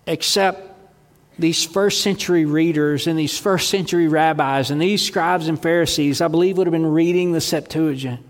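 Pastor preaching, slightly high voice, big echoey church hall, goes loud then real quiet. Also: male voice, normal speed. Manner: dramatic, swings between loud proclaiming and hushed near-whispers. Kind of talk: sermon. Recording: long reverb of a large hall.

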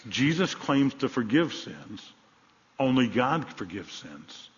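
Man, pastor, sermon, animated storytelling, long hall reverb, muffled sound. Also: mid-range voice, slow pace. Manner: animated storytelling, rising to emphatic then dropping soft.

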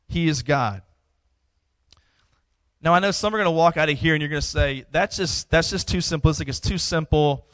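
Pastor preaching in a repetitive, conversational style. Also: male voice, a little high, a bit bright, dry recording. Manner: conversational preaching, repeats key phrases for emphasis. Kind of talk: sermon.

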